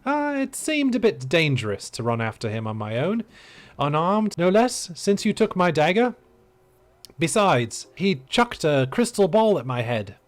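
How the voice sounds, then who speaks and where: A man's voice: a little high, big pitch swings, a little slow. A man voicing a cocky young male thief who talks in a flippant, sarcastic lilt. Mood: teasing.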